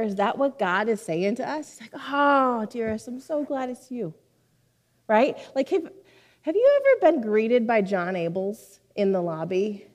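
A woman's voice: medium pitch, warm tone. A woman preaching a sermon to her church in a conversational, heartfelt way, with frequent asides. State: near tears for a moment. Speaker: pastor.

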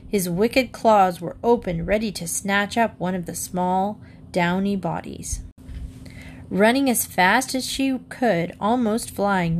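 A woman reads a children's book aloud in a lively storytelling voice. Her pitch sits in the middle range. A faint hiss runs under the recording. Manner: lively storytelling, raises pitch for the girl's lines. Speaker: reader.

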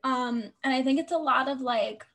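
A woman's voice: high-pitched, normal speed, fairly bright tone. A young woman co-hosting a podcast, chatting casually with a joking, filler-heavy manner. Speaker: podcast co-host. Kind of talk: casual chat.

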